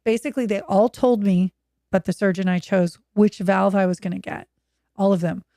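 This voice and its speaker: Woman, 50s, from Oregon, podcast guest; animated, candid storyteller, mid pitch, dry sound. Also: normal speed, no room sound. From Oregon, USA. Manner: animated, acts out quoted voices. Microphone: video call.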